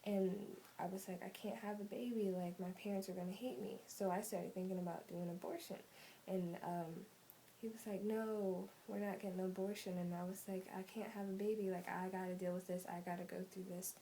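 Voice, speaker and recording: Mellow-voiced teen girl vlogging. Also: mid-range voice, flat delivery, a little fast, a little hiss or hum, low-quality recording. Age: teens. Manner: rambling, many "like" and "um" fillers. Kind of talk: casual storytime vlog. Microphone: phone camera.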